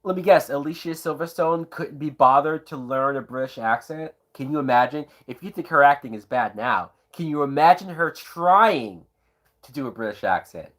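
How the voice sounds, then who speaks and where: A man's voice: fairly high pitch, moderate pace, fairly bright tone. A tipsy man giving sarcastic, profanity-laced live commentary while watching a movie, breaking into whooping laughs. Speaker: movie reviewer.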